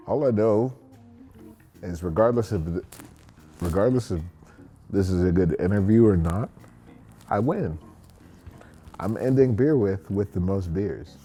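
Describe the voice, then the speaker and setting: A man's voice: low voice, animated, a little slow, long pauses, dark tone, faint music behind. A young man answering interview questions while drinking, rambling, profane and tipsy. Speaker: interview guest. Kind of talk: drunken casual interview.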